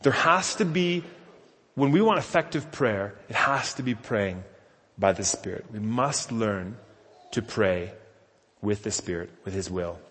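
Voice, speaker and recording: A man's voice: fairly low pitch, lively intonation, measured pace, fairly bright tone. A man giving a conversational sermon with self-deprecating storytelling. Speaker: pastor. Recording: long reverb of a large hall.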